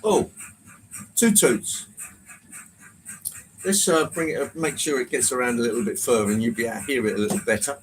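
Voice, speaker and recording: A man's voice: mid-range voice, brisk, pauses often, slight background noise, rough recording. A man hosting a casual live stream, chatting, greeting viewers by name and poking fun at himself. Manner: chatty, reads out viewer comments and greets them by name, self-mocking. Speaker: livestream host.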